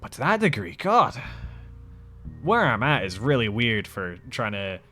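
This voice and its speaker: A man's voice: medium pitch, sing-song, measured pace, sharp tone, faint music behind. A man hosting his own podcast, telling rambling, profane, wry stories in a casual way. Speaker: podcast host. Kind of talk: casual solo storytelling.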